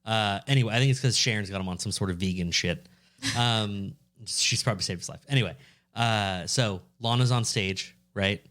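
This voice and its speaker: A man's voice: lowish voice, normal speed, fairly bright tone. A young man co-hosting a podcast, chatting casually and telling rambling, joking stories with playful impressions. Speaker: podcast co-host. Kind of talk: casual chat.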